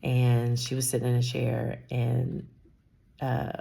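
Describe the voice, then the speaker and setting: Woman in her 50s, very gravelly, husky, candid rambling vlog talk. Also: very deep voice, completely flat delivery, slow, dark tone. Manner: candid, rambling, drops to a whisper at times. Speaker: salon owner. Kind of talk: personal reflective vlog.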